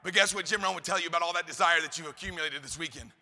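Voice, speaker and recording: A man giving a fast-firing motivational speech to a live audience, pumping up the crowd with call-and-response questions and shouts. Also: on the high side. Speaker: motivational speaker. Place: large event hall. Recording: hall reverb, live event.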